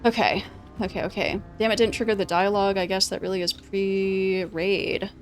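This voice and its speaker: A woman streaming a game, talking casually, excitable, swearing freely and laughing often. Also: medium pitch, normal speed, soft background music. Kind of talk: casual gameplay commentary.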